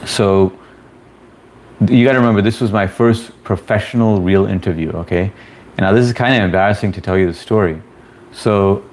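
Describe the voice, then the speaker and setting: A man's voice: low voice, slight background noise. A middle-aged man, a streamer, casually telling a long story to his live chat, rambling with many fillers and restarts.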